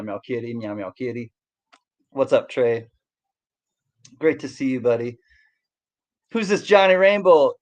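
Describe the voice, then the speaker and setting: A man hosting a casual livestream, cheerfully greeting viewers by name in quick shout-outs. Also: mid-range voice. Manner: upbeat, reads out chat names in quick greetings. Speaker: livestream host.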